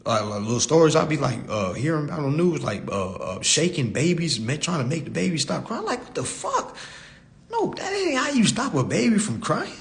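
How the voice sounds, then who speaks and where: A man's voice: a little high, sing-song, normal speed, creaky. A man giving a casual live-stream talk into a phone, blunt and preachy, repeating his points and cursing freely.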